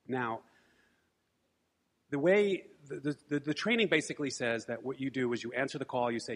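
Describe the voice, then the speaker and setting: A man's voice: medium pitch, brisk, a bit bright, big-room sound. A man telling a personal story in a rambling way, restarting sentences and dropping wry asides. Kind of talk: live storytelling monologue.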